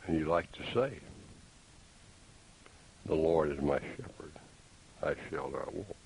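A man preaching a sermon, deliberate and emphatic, with pointed rhetorical questions. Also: very deep voice, expressive, gravelly, darkish tone, low-quality recording. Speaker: pastor. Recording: faint hiss.

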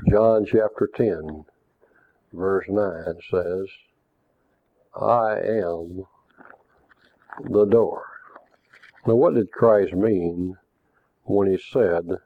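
A man preaching a Bible lesson, measured and reading scripture passages aloud. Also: on the low side, no room sound. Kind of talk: Bible teaching. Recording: tinny phone-like recording.

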